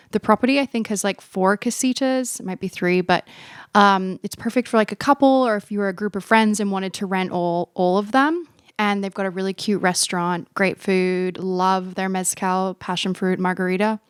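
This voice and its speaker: A woman's voice: mid-range voice, clear, resonant tone, dry recording, studio quality. A woman from Australia with a mostly American-sounding accent, hosting her podcast in a chatty, self-deprecating monologue that laughs at itself. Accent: American-sounding with a light Australian touch. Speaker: podcast host. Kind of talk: casual monologue.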